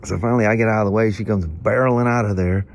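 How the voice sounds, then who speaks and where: A man's voice: lowish voice, fairly even intonation, quick pace, heavy background noise. A middle-aged man vlogging, a stuffy-nosed storyteller with a chatty, folksy manner who rambles and laughs through his stories. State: congested from hay fever.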